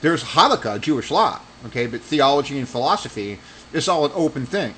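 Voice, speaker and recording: A man's voice: mid-range voice, very animated, a little fast, sharp tone, slight background noise, low-quality recording. A man giving a casual religious commentary monologue, rambling and argumentative, with heated accusing stretches. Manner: rambling with restarts.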